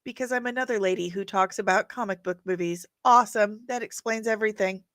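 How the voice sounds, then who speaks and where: A woman's voice: medium pitch, quick pace, fairly bright tone, no room sound. A woman hosting a casual commentary show, blunt and sarcastic, swearing freely. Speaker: host.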